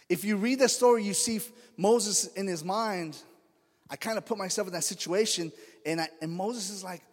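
A man with a high, light voice preaches in a church sanctuary, and his words ring out with a long hall reverb. He talks in a loose, conversational way and slips into the voices of the people in his stories. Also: fairly quick. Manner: conversational storytelling, acts out quoted voices. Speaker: pastor. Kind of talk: sermon.

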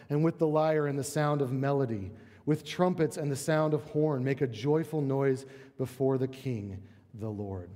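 A man preaching from the pulpit in a lively, emphatic way, doubling words as he drives each point home. His voice sits a little high for a man. Long reverb from the church room hangs behind every phrase. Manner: animated, emphatic, repeats words when building a point. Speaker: pastor. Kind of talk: sermon. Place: church sanctuary.

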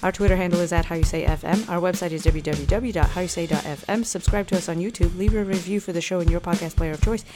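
A woman hosting a language podcast, teaching phrases with patient, clear pronunciation drills. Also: fairly low pitch, quick pace, hardly any pauses, music in the background. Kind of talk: scripted language lesson.

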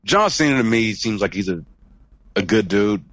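A man's voice: fairly low pitch, lively intonation, moderate pace, fairly bright tone. A man co-hosting a casual podcast chat, hesitant and curious, often restarting his sentences. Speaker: podcast co-host.

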